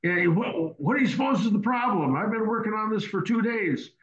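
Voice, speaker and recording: A man's voice: sits high, animated, brisk, echoey room, muffled recording, a crowd in the background, pitched above the performer's own voice. A man putting on an exasperated mechanic. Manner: griping, pleading. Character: exasperated male shop mechanic caller.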